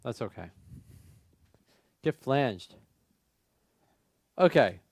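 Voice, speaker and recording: A man hosting a music request livestream who chats casually and thinks out loud, his voice running through a flanger effect. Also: mid-range voice, very animated, very slow, gravelly. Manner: rambling, thinks aloud, laughs at himself. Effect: flanger and reverb on his voice.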